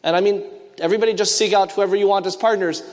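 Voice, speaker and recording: A man's voice: high-pitched, fairly even intonation, fast talker. A man preaching a sermon, telling stories and asking the congregation to call out answers. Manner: storytelling with call-and-response questions. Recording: long hall reverb.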